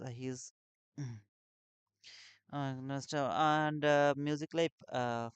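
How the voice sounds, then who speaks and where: A man in a casual group voice chat about trading, talking in a halting, earnest way with frequent restarts and repeated words. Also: medium pitch, clean tone, dry recording. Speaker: trader in a live trading call.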